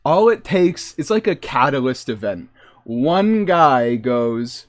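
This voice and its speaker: A male streamer from the Boston area who rambles and jokes with his viewers. He talks slowly and unhurriedly into a desk microphone, with a mid-range voice. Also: medium pitch, sing-song. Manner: rambling and joking. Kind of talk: casual livestream chat.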